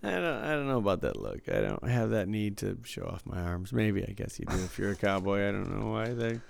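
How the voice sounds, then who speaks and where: A man's voice: on the low side, very animated, fairly quick, gravelly. A man co-hosting a casual podcast chat, rambling and self-deprecating, often trailing off unsure.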